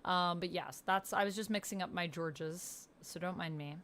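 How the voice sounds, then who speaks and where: A bubbly woman chatting with her live-stream viewers from home. She rambles cheerfully, laughs easily and jumps up in pitch whenever something catches her off guard. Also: moderate pace, fairly bright tone. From Canada. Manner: bubbly and rambling, reads chat aloud, laughs often; pitch leaps up when surprised. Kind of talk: casual live-stream chat.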